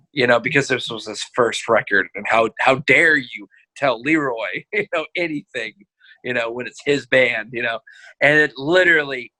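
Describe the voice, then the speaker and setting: A man chatting on a podcast, telling animated stories, acting out quotes and laughing often. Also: medium pitch. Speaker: podcast host; marriage counselor. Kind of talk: casual podcast chat.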